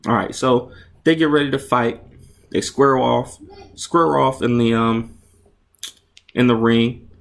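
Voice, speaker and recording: A man's voice: mid-range voice, fairly even intonation, slow pace, gravelly. A man casually narrating and explaining his own comic book, chatty and enthusiastic, often restarting his sentences and acting out sound effects.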